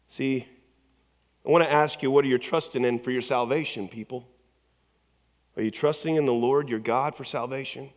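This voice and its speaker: A man's voice: medium pitch, fairly even intonation, normal speed, long pauses. A male pastor preaching a sermon in a church, telling stories conversationally with many restarts and repeated words. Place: church sanctuary. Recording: long church hall reverb.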